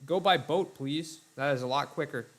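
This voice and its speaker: A young man casually commentating his own strategy game playthrough for viewers, chatty and laid-back, talking to them as ladies and gentlemen. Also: a little high, normal speed. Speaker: let's play host.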